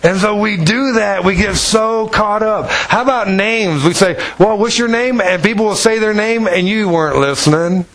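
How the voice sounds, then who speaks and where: Folksy man preaching with a raised pitch. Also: normal speed, hardly any pauses, a bit bright. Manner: folksy storytelling with acted quotes. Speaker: pastor. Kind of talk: sermon.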